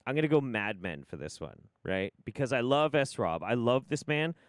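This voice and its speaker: A man hosting a livestream who gives profane, rambling, animated commentary. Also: medium pitch, moderate pace, no echo. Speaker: livestream host.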